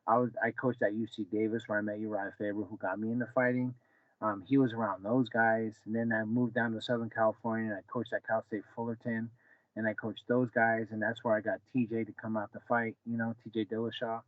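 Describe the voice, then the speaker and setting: A man in his forties, a former fighter and wrestling coach, telling a story in a casual podcast and acting out the back-and-forth with his son in lively voices. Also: on the low side, brisk, no echo, narrow, tinny audio. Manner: animated, acts out dialogue with his son.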